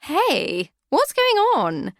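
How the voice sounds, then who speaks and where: Brief: woman playing a brash, theatrical older woman with a put-on posh voice, higher and louder than the narrator. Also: sing-song, measured pace, no echo, studio quality, full character voice. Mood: showy loud.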